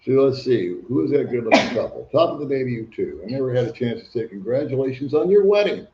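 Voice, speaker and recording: A man's voice: medium pitch, very animated, quick pace, slight background noise. An older man hosting a casual livestream, chatting and reading viewer comments aloud. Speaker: livestream host. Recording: echoey room, dull lo-fi sound.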